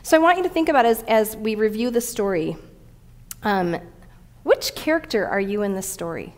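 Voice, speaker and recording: A middle-aged woman pastor preaching a sermon, telling a personal story with animated, emotional delivery. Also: medium pitch, normal speed.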